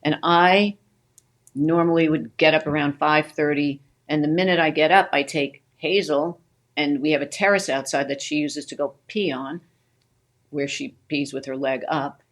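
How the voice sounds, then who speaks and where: A woman co-hosting a casual talk show, telling an animated story about her own mishap and acting out her own cries. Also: sits low, normal speed. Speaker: co-host, wife of the host.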